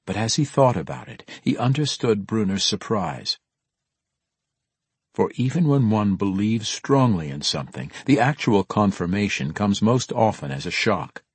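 Male audiobook narrator, husky low voice, animated dramatic reading, dry studio read. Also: moderate pace, dry recording. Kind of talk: scripted fantasy narration.

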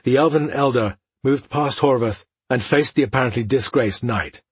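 A man reading fantasy narration for an audiobook, in an even, steady way. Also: medium pitch, normal speed, breathy edge, no room sound.

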